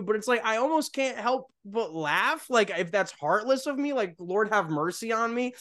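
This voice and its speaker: A man's voice: high-pitched, animated, moderate pace, hardly any pauses, a bit bright. A man hosting a podcast, chatty and rambling in casual conversation. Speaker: podcast host.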